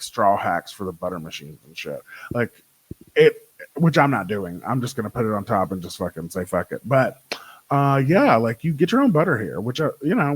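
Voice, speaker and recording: A man's voice: mid-range voice, husky, no echo, low-quality recording. Sassy, foul-mouthed young man chatting. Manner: sassy, profane, animated storytelling. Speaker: podcast host. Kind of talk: casual solo chat.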